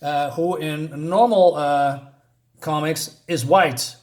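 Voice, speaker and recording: A man's voice: fairly high pitch, slow pace, darkish tone. A man giving a casual spoken comic book review, rambling and ranting with lots of fillers and restarts.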